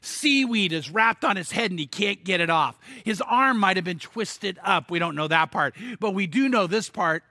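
A man preaching a sermon, telling the story in an animated way with stammered restarts and sudden emphatic bursts. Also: high voice, normal speed, few pauses, dry recording, clean studio sound. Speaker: pastor.

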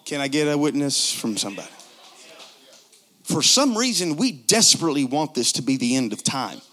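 A man in his forties preaching a sermon in a joking, conversational way, low on strength and not raising his voice. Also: big pitch swings, moderate pace, fairly bright tone. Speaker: pastor.

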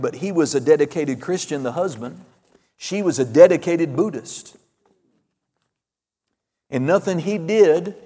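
Guy preaching hard, amens and hallelujahs, kinda high voice, long hall echo. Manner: fervent preaching with amens and hallelujahs, swings from loud to hushed. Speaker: pastor. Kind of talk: sermon.

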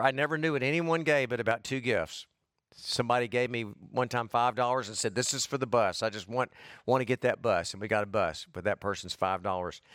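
A man preaching an expository sermon, talking conversationally with his congregation, calling on people by name and rising in pitch for emphasis. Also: no room sound, clean studio sound. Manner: conversational, calls on congregants by name, frequent "okay?" checks; animated, rises in pitch for emphasis. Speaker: pastor.

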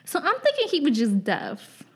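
A woman's voice: sits high, wildly swooping pitch, moderate pace. A young woman hosting a casual podcast, telling a profane, laughing childhood story and acting out the people in it. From Pennsylvania. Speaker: podcast host.

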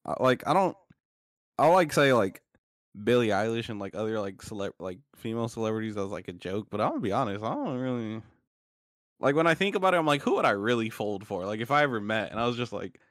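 A man's voice: lowish voice, big pitch swings, fast, a bit bright, no room sound, studio quality. A young man in casual podcast chat, rambling with many fillers and laughing often. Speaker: podcast co-host.

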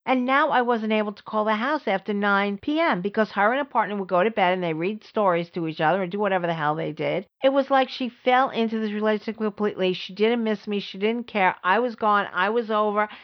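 A middle-aged woman hosting a podcast, telling a personal story in an emphatic way, repeating words for stress and swinging between high and low. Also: fairly quick, hardly any pauses. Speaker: podcast host. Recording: slightly dull lo-fi audio.

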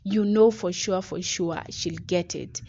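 A woman's voice: lowish voice, unhurried, warm tone. A young woman hosting a podcast, giving a chatty motivational talk and calling her listeners guys. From Kenya. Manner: chatty, addresses listeners as guys, many likes. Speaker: podcast host. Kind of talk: casual motivational monologue. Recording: dull lo-fi recording.

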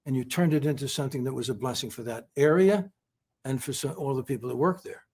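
A man from California, a guest in an interview, giving heartfelt praise in halting speech full of repeated words and fillers. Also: medium pitch, darkish tone, breathy edge.

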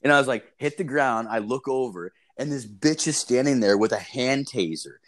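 A man's voice: medium pitch, normal speed. A young man telling a wild story in casual chat, rambling and profane, with lots of filler words.

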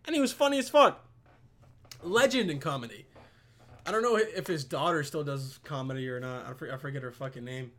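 Fairly quick and expressive, with a fairly high and slightly bright voice, a young man pours out a rambling rant to the camera on his computer. This vlogger swears constantly.

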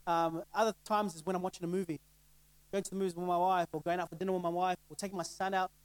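A man's voice: sits high, flat delivery, fast, smooth, dry recording, poor audio. A middle-aged male pastor giving a casual sermon, conversational and laughing often, asking the crowd rhetorical questions. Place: church.

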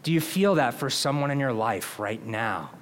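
A pastor preaching a sermon in an earnest, conversational way, often asking the congregation questions. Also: male voice, mid-range voice, animated, normal speed, fairly bright tone.

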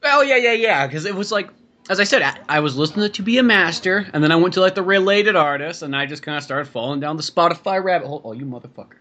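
A man's voice: a little high, animated, fast, sharp tone. A man hosting a podcast over a video call, talking loosely with lots of swearing and laughter. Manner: loose and profane, laughs often. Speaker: podcast host. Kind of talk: casual chat.

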